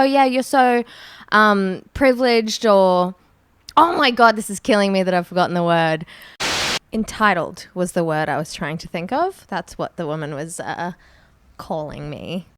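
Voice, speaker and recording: A woman's voice: on the high side, dry recording. A young woman hosting a podcast, telling a story with lots of laughs and some swearing. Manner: animated storyteller who laughs a lot and swears. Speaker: podcast host. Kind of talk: casual chat, telling a story.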